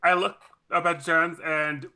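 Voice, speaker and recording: A man at a tabletop game describing what his character does, his voice very bright and a bit high. He keeps an even, measured storytelling pace. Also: smooth. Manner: narrates his character in third person, measured. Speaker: player. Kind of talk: narrating his character's actions.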